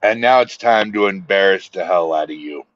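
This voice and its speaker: A man's voice: sits low, normal speed, fairly bright tone, no room sound. A man chatting casually on a podcast as the guest, telling stories in a laid-back way. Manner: storytelling, laid-back drawl. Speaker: guest, paranormal team founder. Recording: dull lo-fi dry sound.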